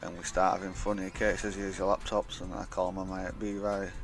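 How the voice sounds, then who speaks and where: A man's voice: deep voice, flat delivery, normal speed, music in the background. A young man telling a rambling, blunt, sweary story in a casual vlog. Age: young adult. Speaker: vlogger.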